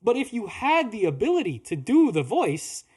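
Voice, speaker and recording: A podcast co-host in a relaxed movie-review conversation. The speech stops and starts, full of likes and self-corrections. The pitch sits in an ordinary middle range. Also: slightly rough. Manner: halting, many likes and restarts. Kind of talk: casual chat, movie review.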